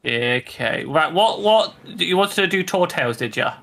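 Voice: medium pitch, expressive, unhurried, a bit bright. A co-player chatting casually and explaining game menus with many hesitations. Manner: helpful, explaining, hesitant with fillers. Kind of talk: casual gameplay chat.

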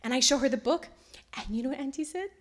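A woman giving a lecture, telling stories in an animated way and acting out the voices of people she quotes. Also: sits high, fast. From Hawaii. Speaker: lecture presenter. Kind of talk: storytelling lecture.

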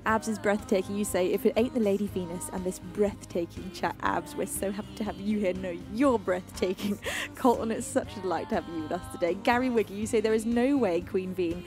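A woman from the UK hosting a livestream, greeting her chat in a playful, affectionate, deliberately calm and soothing voice. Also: medium pitch. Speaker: streaming singer-songwriter host. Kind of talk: casual livestream chat reading chat messages. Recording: faint music playing behind.

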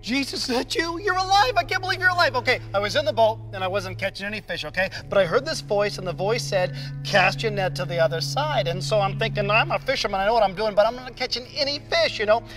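An excitable, rambling male disciple, played by a man who tells his story in eager bursts, his voice pitched high and climbing higher. Faint music sits underneath the skit. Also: fast, hardly any pauses. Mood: excited. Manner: breathless rambling storytelling, big swings of excitement. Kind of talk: comedic skit acting.

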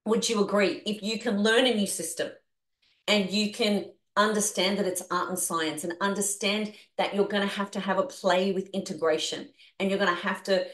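A woman with an Australian accent leading a group coaching session on a video call, energetic and animated as she coaxes the group through exercises. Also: mid-range voice, roomy sound. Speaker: business coach.

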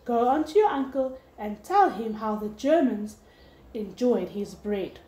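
A woman's voice: a little high, lively intonation, unhurried, dark tone, echoey room, rough recording. Sneering soldier man, as a woman reads him. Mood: scornful. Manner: sneering, clipped. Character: scornful adult male soldier, harsh and contemptuous.

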